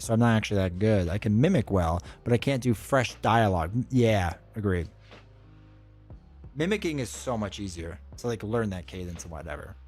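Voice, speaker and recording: A man's voice: mid-range voice, a little mellow. A middle-aged man chatting casually on a live stream, rambling and reading chat messages aloud.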